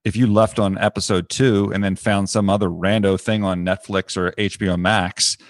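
A man's voice: lowish voice, little pitch movement, normal speed, no room sound, studio quality. A man with a Philadelphia accent co-hosting a podcast, talking casually and rambling with frequent restarts and the odd swear. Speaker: podcast co-host. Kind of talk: casual chat.

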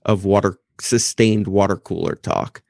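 A man with a fairly low voice joins casual podcast chat with short asides and quick examples. The recording is close and dry. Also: steady tone, vocal fry, a little mellow, dry recording. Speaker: podcast co-host.

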